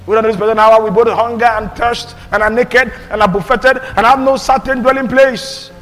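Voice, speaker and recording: High-voiced emphatic male pastor preaching. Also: fairly even intonation, fairly quick. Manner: emphatic, swings between loud and hushed delivery. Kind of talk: sermon with scripture reading. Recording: long hall reverb with faint music.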